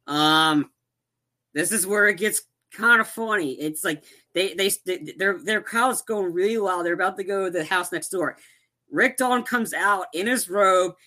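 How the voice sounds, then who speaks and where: Guy rambling thru a movie plot, bright voice, lots of um and like, acts out the lines. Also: high voice, measured pace. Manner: rambling with many restarts and fillers, acting out lines. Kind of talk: casual movie recap.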